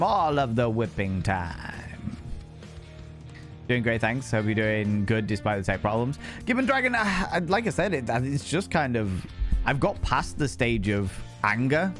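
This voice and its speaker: A young man from England with a Hull accent from Northern England, his voice medium in pitch and a little bright. He's a streamer chatting casually with his live chat, joking around, swearing freely, and slipping into other accents.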